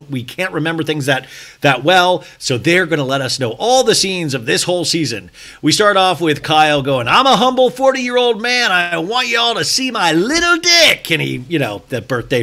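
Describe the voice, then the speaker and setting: A man hosting a solo TV recap podcast, joking and irreverent, talking fast and swearing casually. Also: medium pitch. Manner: fast, animated, breaks into mocking impressions. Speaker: podcast host.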